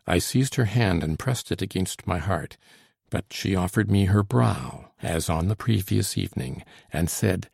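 A man reading a first-person story aloud in a measured, earnest manner. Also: low voice, lively intonation, vocal fry, a little mellow, breathy edge, dry recording, clean studio sound. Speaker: audiobook narrator. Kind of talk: scripted narration.

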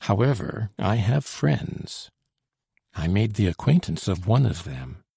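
A male audiobook narrator with a low, dark voice and plenty of gravelly fry. The delivery is measured and formal, and the husky tone sounds dry and close, with no room around it. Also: sing-song, no room sound. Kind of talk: scripted narration.

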